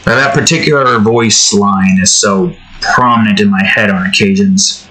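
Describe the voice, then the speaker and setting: A YouTube artist chats while drawing, rambling, improvising and poking fun at himself. His voice is lowish, a little slow and fairly even, with a pushed, bright quality. The recording is low quality.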